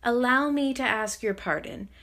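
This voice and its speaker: A woman voicing an elderly man, a former miser turned joyful and generous, talking with eager, effusive warmth in an audiobook. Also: fairly high pitch, moderate pace. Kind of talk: audiobook character reading.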